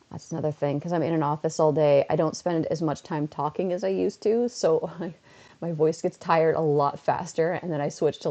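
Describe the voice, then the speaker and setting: A young woman rambling on a casual home livestream, with a low, gravelly voice and a dark, mellow tone. She sounds a bit under the weather and chats on while she plays. The audio is dull and lo-fi. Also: fairly even intonation, normal speed. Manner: chatty and rambling, playing a phone game. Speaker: streamer. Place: indoors at home. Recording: dull lo-fi mic.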